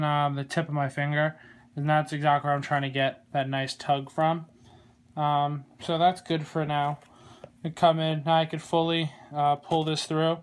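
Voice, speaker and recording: Relaxed, rambling man, slightly high voice. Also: smooth. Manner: relaxed, rambling, joking, many fillers. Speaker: glove maker demonstrating lacing. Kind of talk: casual how-to tutorial. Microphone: phone camera.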